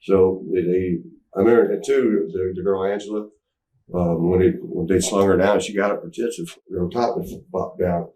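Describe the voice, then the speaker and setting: Low-voiced man telling a rambling story. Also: fairly even intonation, moderate pace, dark tone. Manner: rambling with restarts, acting out quotes, laughing. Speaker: interview guest. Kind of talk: candid storytelling interview. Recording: roomy, mic at some distance.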